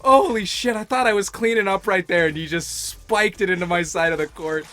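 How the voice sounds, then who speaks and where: A man co-hosting a gaming podcast, talking in a rambling, animated way and laughing often. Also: sits high, fairly quick. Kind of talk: casual chat while playing a game.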